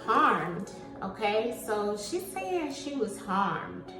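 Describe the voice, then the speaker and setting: A woman giving a spiritual tarot reading in a slow, soothing way, calling her viewers family. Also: mid-range voice, sing-song. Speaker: tarot card reader. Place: room at home with incense burning. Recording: echoey room, far from mic, music behind.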